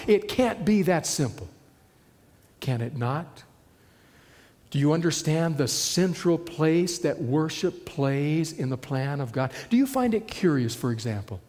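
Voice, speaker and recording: Male preacher, a touch high-pitched, dramatic sermon delivery with hushed emphasis, echoing hall sound. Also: animated, unhurried. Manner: dramatic shifts between loud and hushed delivery.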